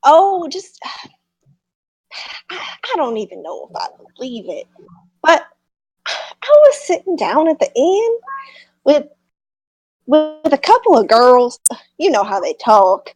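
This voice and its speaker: A woman's voice: sits high, wildly swooping pitch, slow pace, pauses often, darkish tone, exaggerated voice, rough recording. A woman voicing a folksy, cautious old male farmer with a put-on Southern accent, rambling and gossipy. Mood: confiding. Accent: put-on Southern American.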